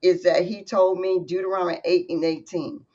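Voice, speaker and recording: A woman's voice: on the low side, flat delivery, fairly quick, darkish tone. A woman hosting an interview, talking in a preacher-like way and quoting scripture. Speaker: interview host. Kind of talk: interview, faith talk. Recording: dull, slightly muffled audio.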